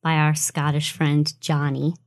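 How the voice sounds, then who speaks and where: A woman co-hosting a podcast who chats casually and reads a listener's story aloud in an animated way, laughing easily. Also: sits low, measured pace. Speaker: podcast co-host.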